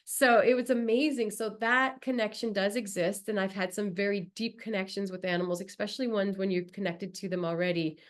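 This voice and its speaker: A woman from Southern California, a podcast guest telling a personal story in a casual, animated way, acting out the people she quotes. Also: mid-range voice, brisk, hardly any pauses. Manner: animated, acts out quoted voices.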